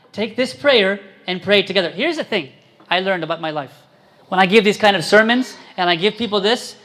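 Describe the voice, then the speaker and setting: High-voiced priest quizzing his congregation. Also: a bit bright. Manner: interactive, quizzing the congregation, emphatic. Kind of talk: sermon.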